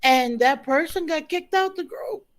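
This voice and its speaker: A co-host chatting casually on a livestream, telling personal stories in a relaxed way. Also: sits high, a little slow.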